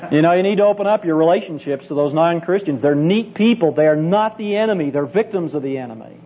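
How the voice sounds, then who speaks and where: A man's voice: fairly high pitch, quick pace, mellow. A middle-aged man, a Bible college teacher, giving an earnest, emphatic conference sermon full of personal stories and direct appeals to his listeners. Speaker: Bible college teacher speaking to church leaders. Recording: dull lo-fi tape with faint hum.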